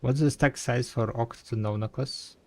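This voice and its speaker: A man's voice: medium pitch, fairly even intonation, moderate pace, a little hiss or hum. A man live-streaming a game, chatting casually and thinking aloud, rambling and correcting himself as he goes. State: tired, yawning. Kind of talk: casual live-stream chat while playing.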